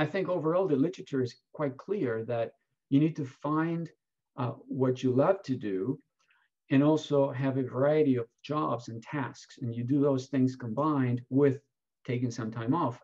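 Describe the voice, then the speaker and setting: A man answering questions as an award keynote speaker, telling stories in an animated, emphatic way. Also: medium pitch, highs cut off. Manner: animated, lively storytelling with emphatic rises.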